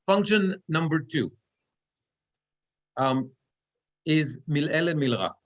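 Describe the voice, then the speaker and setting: A man's voice: fairly high pitch, expressive, slow pace, fairly bright tone. A cantor teaching Torah reading in a classroom, explaining step by step and checking in with his students often. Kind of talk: classroom lecture. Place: synagogue classroom.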